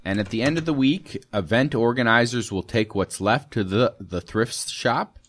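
A man's voice: mid-range voice, moderate pace. A man co-hosting a community radio show, playful and joking as he reads listings. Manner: playful, joking, lively ad-style delivery. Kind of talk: casual radio chat. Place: radio studio.

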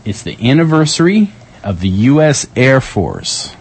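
A man's voice: mid-range voice, measured pace, slightly rough, low-quality recording. A man hosting a community radio show, chatting casually and jokily as he reads out the day's events. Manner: playful, jokey, reading calendar items with lively ups and downs.

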